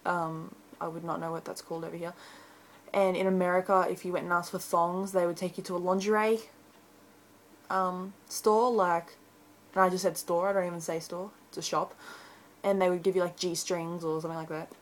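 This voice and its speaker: A woman's voice: on the low side, flat delivery, normal speed, rough recording. A teenage girl from Brisbane with an Australian accent, chatting casually and rambling with frequent ums in an accent-tag video, recorded on a webcam. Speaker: vlogger.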